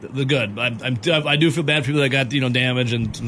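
A man's voice: medium pitch, fairly even intonation, fast talker, a bit bright, slight background noise. A man hosting a morning radio show, casually bantering and teasing his co-hosts.

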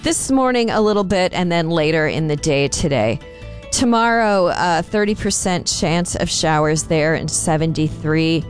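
A woman's voice: sits low, expressive, normal speed, soft background music. A woman co-hosting a morning radio show, reading the weather and chatting in an upbeat, storytelling way with small hesitations. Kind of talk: casual radio chat.

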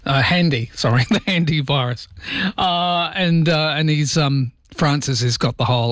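A man's voice: a little high, moderate pace, a bit bright, dry recording. A man with an Australian accent hosting an overnight radio show, chatting in a joking, rambling way at a studio microphone. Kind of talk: casual radio chat.

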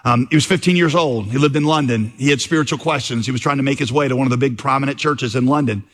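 A pastor giving a sermon, telling a story in a relaxed, conversational way with occasional fillers. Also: male voice, medium pitch, fast. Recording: long reverb.

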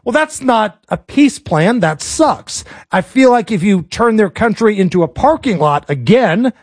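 An American man with a high voice hosts a talk show in a blunt, opinionated way, cracking jokes between questions. The sound is dry and close, with no room around it. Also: animated, unhurried, no echo. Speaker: show host. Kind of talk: casual political talk show chat.

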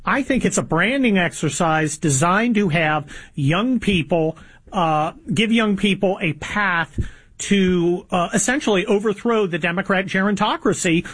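Husky high-voiced sarcastic male host. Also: fairly bright tone, no room sound. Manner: sarcastic, opinionated, halting with many fillers. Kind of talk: political talk show conversation.

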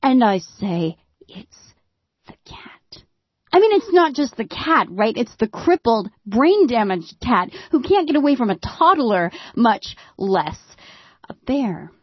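A woman telling a first-person story, building suspense and dropping to hushed tones. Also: fairly high pitch, very animated, measured pace, slightly rough, dry recording, dull audio.

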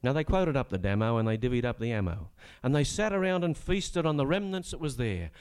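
A smooth, resonant Australian man recites a rollicking comic ballad, his pitch sitting in an ordinary middle range. He drops dry, sardonic asides between verses and talks into a stage microphone. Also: lively intonation, a little fast, a little mellow.

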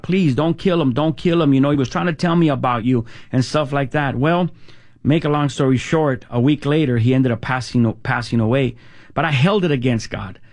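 A man recounts his past in a spoken testimony, his voice set slightly higher than most men's. He stumbles and restarts often, and he slips into casual street talk whenever he quotes his friends. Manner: halting, many restarts and fillers, quotes friends in street slang. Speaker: testimony speaker. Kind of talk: personal testimony storytelling.

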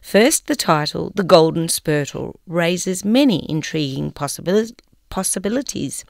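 An older woman from Australia reading a film review aloud in a wry, expressive way. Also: fairly low pitch, moderate pace, vocal fry, no echo, clean studio sound. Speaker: co-presenter reading an article.

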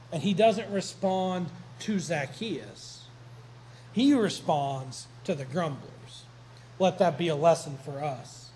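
A man's voice: a little high, darkish tone, slight background noise, poor audio. A man preaching a sermon to a congregation, retelling the story in a conversational, joking way. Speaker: pastor.

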